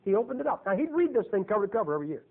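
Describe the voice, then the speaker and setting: High-voiced preacher man, tinny sound. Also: big pitch swings, very fast, slightly rough. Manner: folksy, emphatic, rhetorical questions to the audience. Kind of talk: sermon.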